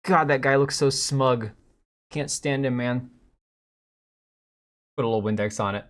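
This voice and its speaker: An unhurried man with a mid-range voice runs a laid-back live stream. He reacts to clips with sarcastic, mocking comments and talks to his viewers and his cat.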